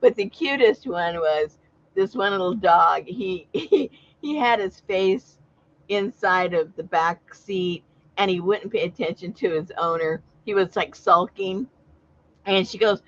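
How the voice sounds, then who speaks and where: A woman's voice: medium pitch, animated, measured pace. A woman chatting casually on a livestream, telling stories and laughing often. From Southern California. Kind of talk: casual chat. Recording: dull lo-fi sound.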